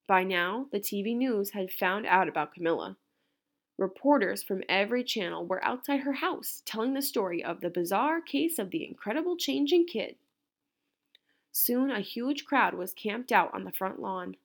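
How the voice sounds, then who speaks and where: A woman teacher reading a picture book aloud to a class, an expressive storyteller. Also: mid-range voice, moderate pace.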